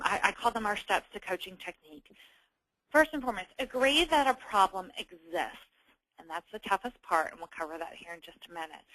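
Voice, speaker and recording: A woman, an HR manager, giving a conversational webinar presentation, often pausing on ums and restarting her sentences. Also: mid-range voice, fairly bright tone, no echo, rough recording.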